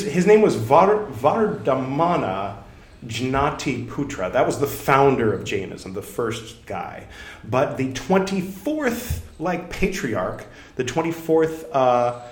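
A man's voice: medium pitch, echoey room. A man hosting a podcast in a casual, digressive way, full of fillers, restarts and self-deprecating asides. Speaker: podcast host. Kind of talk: casual rambling podcast talk.

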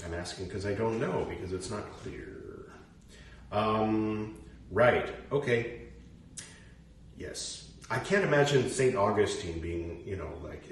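Man, low voice, slow and musing, reads aloud and comments, heard from a distance in a very echoey room. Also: animated. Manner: reads aloud, stops to muse and question. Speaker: reader and commentator. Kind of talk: casual reading with commentary. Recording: roomy echo, distant mic, faint noise.

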